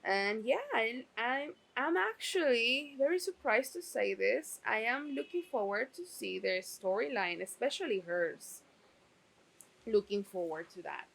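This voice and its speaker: A woman's voice: fairly high pitch, expressive, measured pace, gravelly, a bit bright, low-quality recording. A woman giving a casual spoken review of a TV series, chatty and full of fillers, with the odd swear word.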